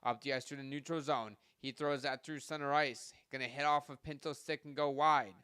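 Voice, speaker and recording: A man giving live hockey play-by-play from home, rattling off passes and shots and getting louder on goals, with casual asides to his listeners. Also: medium pitch, fairly even intonation, a little fast, clear, resonant tone, no room sound. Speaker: podcast host doing live play-by-play.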